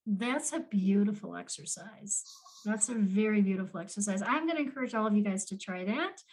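A woman's voice: mid-range voice, brisk, darkish tone, low-quality recording. A woman hosting a casual interview, affirming her guest and speaking to her listeners. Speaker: host.

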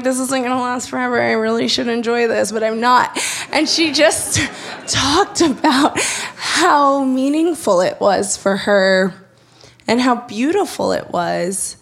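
A young woman telling a personal story in a chatty way, laughing often and acting out quoted lines in lively voices. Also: a little high, a little slow, gravelly.

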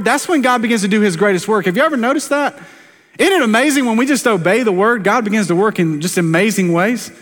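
A pastor with a high voice preaches to his congregation. He keeps it chatty and jokes at his own expense. His words ring with the long reverb of a church sanctuary. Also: expressive, fairly bright tone. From South Carolina, US. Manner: conversational, self-deprecating preaching with quick asides to the congregation. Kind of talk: sermon.

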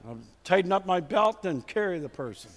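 A man's voice: sits high, expressive, brisk, long reverb tail. A man preaching a sermon, reading scripture with emphasis and urging the congregation on with repeated calls of "come on". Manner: reads scripture aloud with emphasis.

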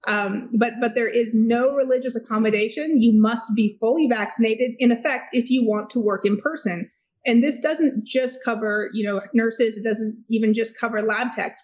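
A woman's voice: a little high, a little mellow, dull audio. A woman attorney talking as a guest in a legal discussion, speaking emphatically and articulately, with dry sardonic asides.

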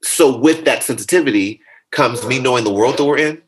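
A man being interviewed in a casual conversation, talking in a playful, animated way that jumps into high comic voices. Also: a little fast, a little hiss or hum, rough recording. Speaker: interview guest.

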